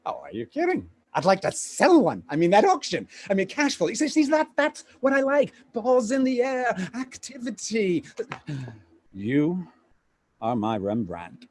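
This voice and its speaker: An actor playing a pushy, fast-talking male Hollywood agent in a live play reading over a video call, with rapid, stammering sales patter. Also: high voice, sing-song, full character voice. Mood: salesy. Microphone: home computer mic on a video call.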